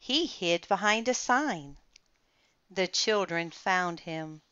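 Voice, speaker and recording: Woman, storybook read-aloud, very slow pace, smooth clear voice, slightly muffled recording. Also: on the low side, animated, a bit bright, no room sound. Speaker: children's book reader.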